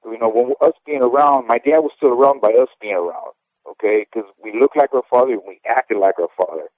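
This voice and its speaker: Speaking a little fast at medium pitch, a man is heard over a tinny, dry phone line. He's a former boxer in his fifties, candid and long-winded in a casual interview, with a habit of adding "okay?"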